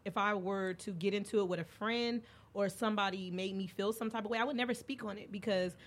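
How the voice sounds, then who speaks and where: Speaking a little fast in a mid-range voice, this young woman podcast host shares candid stories in a casual conversation. Whenever she quotes someone, she acts the line out with animation.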